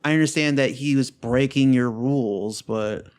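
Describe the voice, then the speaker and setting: A man's voice: moderate pace, a little hiss or hum. Young man telling a rowdy story. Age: young adult. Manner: animated storyteller, acts out quotes with big pitch jumps, swears a lot. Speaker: podcast co-host. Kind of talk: casual chat.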